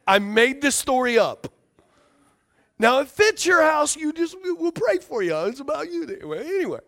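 A man's voice: extremely high pitch, a bit bright. A man preaching a sermon as a pastor, emphatic and repetitive, often asking the congregation for responses.

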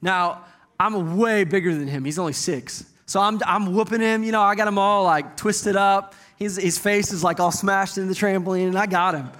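Brief: man in his 30s, pastor, high bright voice, folksy, joking sermon delivery. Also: moderate pace. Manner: folksy, joking, animated preaching.

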